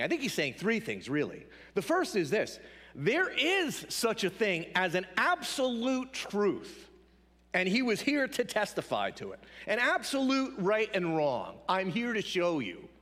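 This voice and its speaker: A male pastor delivering an emphatic sermon, repeating key phrases and dropping to hushed asides. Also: high voice, big-room sound.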